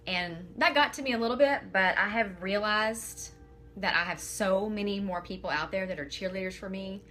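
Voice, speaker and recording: A woman's voice: medium pitch, moderate pace, bright, forceful tone, faint music behind. A woman, talking casually and earnestly on a live video from home, emotional and rambling with fillers. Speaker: makeup seller on a live video. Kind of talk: casual live-stream talk.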